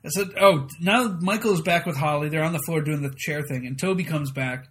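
A man with a high, bright voice talks loosely and animatedly, acting out quotes with frequent laughter. His tone is crisp and forward, in an easygoing recap chat between co-hosts. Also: a little fast. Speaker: podcast co-host. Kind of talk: casual chat recapping a TV episode.

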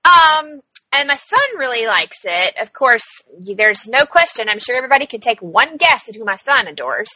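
A woman in her thirties chats loosely as a podcast co-host, leaning on "like" and "um" as she goes. Her voice sits a little high and sounds bright and forward. The sound is dry and close. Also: big pitch swings, moderate pace, few pauses, no room sound, rough recording. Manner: chatty, many "like" and "um" fillers. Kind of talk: casual chat.

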